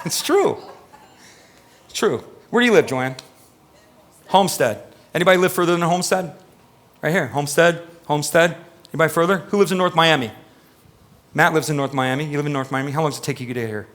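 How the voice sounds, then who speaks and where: Emphatic bright-voiced pastor preaching live. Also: male voice, on the high side, a little fast, long pauses. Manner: emphatic, conversational, questions the congregation. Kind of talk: live sermon. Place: church before a congregation.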